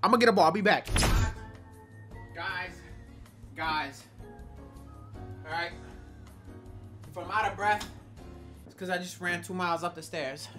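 Speaking slowly and pausing often, a young food-tasting vlogger with a high voice talks over music as he reviews food at home. He uses slang, reacts hugely, and records on a camera or phone.

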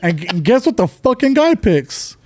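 A man with a high voice telling his side of a story on a podcast. He talks in a heated, profane rush. The sound is dry and right up on the mic. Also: big pitch swings, a little mellow, dry recording. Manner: heated, swearing, fast retelling. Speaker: podcast co-host. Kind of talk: casual storytelling among friends.

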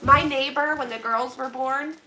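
A woman's voice: high-pitched, fairly even intonation, unhurried, bright, forceful tone, slight background noise. A woman vlogger opening donated boxes, chatting to her viewers and thanking them with effusive, emotional gratitude. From Pennsylvania, US. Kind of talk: casual chat to viewers. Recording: echoey room, mic at a distance.

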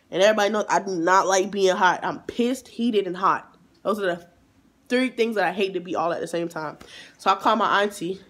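A man vlogger telling a storytime in an animated, emphatic way, with exasperated asides. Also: high voice, fairly quick. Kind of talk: storytime vlog.

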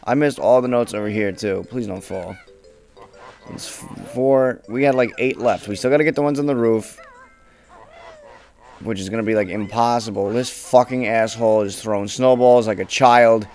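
A young man commentating his own gameplay casually, swearing often and bursting into frustrated shouts. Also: lowish voice, normal speed, faint music behind. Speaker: let's play gamer.

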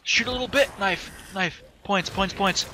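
A young man hosting a gameplay video, giddy and shouting his excitement, repeating exclamations over and over. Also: high voice, normal speed, a little hiss or hum. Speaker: gameplay host. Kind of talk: excited gaming commentary.

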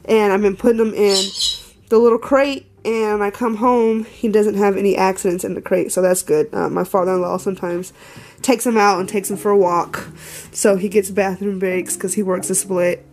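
A woman's voice: mid-range voice, fairly even intonation, normal speed, darkish tone, a little hiss or hum. A woman chatting casually in a home vlog, rambling and talking to her puppy as she walks between rooms. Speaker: vlogger, dog owner.

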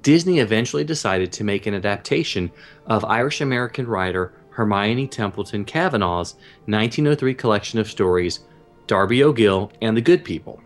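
An easygoing man co-hosting a casual online show in a fairly low voice. He teases his partner and reads history notes in a relaxed, friendly way. Soft music sometimes plays faintly behind him. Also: fairly quick. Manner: easygoing, teasing. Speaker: co-host. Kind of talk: casual podcast chat.

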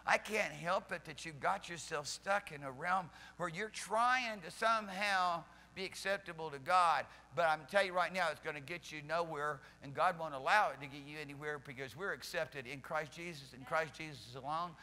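A man's voice: fairly high pitch, moderate pace, hardly any pauses. Fervent preacher man in a reverberant church. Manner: fervent, swings from loud shouting to soft pleading. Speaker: pastor. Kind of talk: charismatic sermon. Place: church sanctuary during a service.

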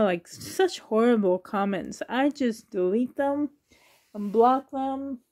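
A woman's voice: a little high, lively intonation, unhurried, a little mellow. A woman in her thirties talking casually on her vlog, sensitive and near tears, laughing nervously as she speaks. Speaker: reborn doll collector and YouTuber.

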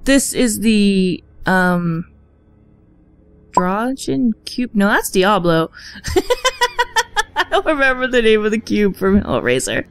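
A woman's voice: medium pitch, very animated, takes it slowly, pauses often, clear, resonant tone. A young woman giving joking, sarcastic let's play commentary. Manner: joking, sarcastic, reads game lines in silly voices. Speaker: gameplay commentator. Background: game music.

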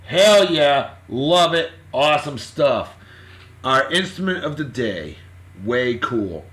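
Rowdy, animated man with a bright voice. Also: mid-range voice, takes it slowly. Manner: boisterous, slangy, swings between yelling and muttering. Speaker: vlog host giving birthday shout-outs. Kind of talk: casual rowdy shout-out vlog.

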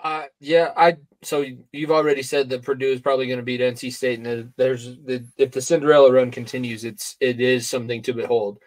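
A man's voice: mid-range voice, little pitch movement, a little fast, few pauses. A man from Long Island co-hosting a sports podcast, joking around and asking his partner questions in a casual chat. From Long Island, New York. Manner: joking, asks questions, does mock impressions. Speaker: podcast co-host.

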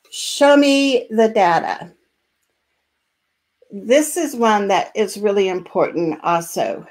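A woman hosting a live online training, speaking in a calm, assertive and encouraging way, with frequent filler words. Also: medium pitch. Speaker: host and special education advocacy trainer.

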